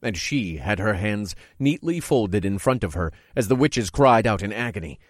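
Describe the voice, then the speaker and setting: A man narrating a dark first-person story in a measured, dramatic reading. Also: lowish voice, animated, dry recording, clean studio sound.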